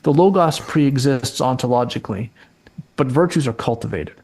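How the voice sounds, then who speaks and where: A man speaking as a returning guest in a long conversation, in a middle-pitched voice. He argues his point steadily, doubling words as he builds each claim. His voice is starting to give out. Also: moderate pace, a little mellow, husky. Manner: argumentative, repeats words while building a point. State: losing his voice. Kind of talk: casual conversational interview.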